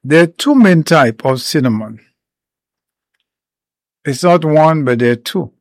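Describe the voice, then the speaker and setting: A man explaining herbal remedies in an informal talk, unhurried and step by step, with many pauses. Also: on the high side, expressive, dry recording. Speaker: herbal educator.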